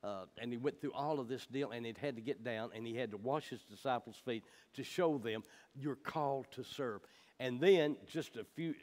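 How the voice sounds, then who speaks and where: A man's voice: medium pitch, brisk, hardly any pauses, a little mellow. A man teaching the Bible in a folksy, emphatic way, with personal stories.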